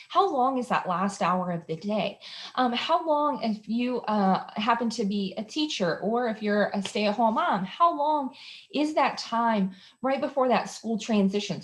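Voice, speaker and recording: A woman hosting an instructional talk for parents. She explains behavior strategies in a conversational way, with frequent ums and uhs. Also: on the high side. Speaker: behavior specialist host.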